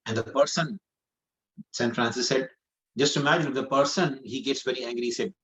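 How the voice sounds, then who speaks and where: A man's voice: medium pitch, fairly quick, fairly bright tone, rough recording. A man giving a scripture class, telling a story earnestly and repeating phrases for emphasis. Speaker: preacher.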